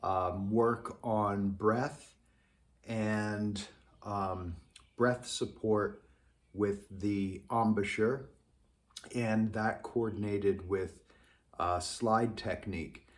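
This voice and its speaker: A man teaching a trombone lesson, speaking thoughtfully with many pauses and ums. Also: lowish voice, steady tone. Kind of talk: instructional lesson.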